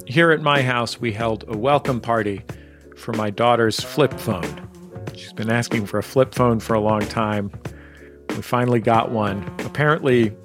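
A man's voice: medium pitch, moderate pace, music in the background. Friendly male radio host. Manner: friendly, conversational, dry humor. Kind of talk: interview and show outro.

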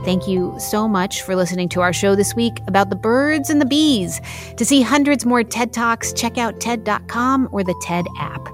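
A woman's voice: a little high, expressive, moderate pace. A woman radio host reading the closing credits of her show. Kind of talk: scripted radio outro. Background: theme music.

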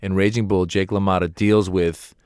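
Male comedian guest, jokey and animated, dry studio mic. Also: low voice, normal speed, smooth, no room sound. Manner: animated, jokey, repeats himself for effect. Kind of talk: comic advice banter.

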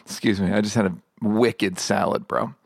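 A middle-aged man with a low, gravelly voice talks candidly as an interview guest, his thoughts rambling and restarting, full of dry self-deprecation. The sound is close and dry, with no room around it. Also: steady tone, moderate pace, dry recording.

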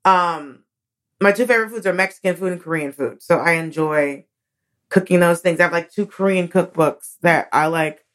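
A woman comedian, a guest in a studio, chatting casually. Her speaking voice sits on the low side, and she tells stories with plenty of animation, jumping up in pitch whenever she acts out a moment. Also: moderate pace. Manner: animated storyteller, swoops high when acting out moments. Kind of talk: casual interview chat.

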